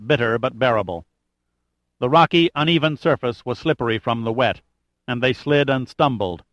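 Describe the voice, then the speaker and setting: Guy reading an adventure audiobook, steady measured pace, a bit dramatic, dead dry booth. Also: medium pitch, no echo. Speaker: audiobook narrator. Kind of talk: scripted narration.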